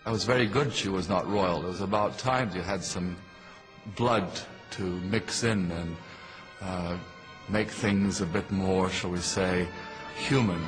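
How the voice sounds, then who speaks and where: A man's voice: sits low, fairly even intonation, a little slow, over music, low-quality recording. A man in an interview, speaking in a wry, hesitant way.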